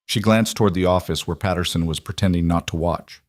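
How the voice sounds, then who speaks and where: Low-voiced male story narrator. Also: brisk, few pauses, dry recording, clean studio sound. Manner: steady storytelling read. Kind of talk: scripted narration.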